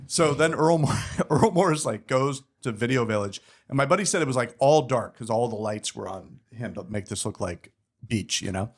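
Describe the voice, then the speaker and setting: A man's voice: medium pitch, moderate pace. A man guesting on a podcast, telling casual stories and acting out the people in them. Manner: animated, acts out quoted people. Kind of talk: casual storytelling chat.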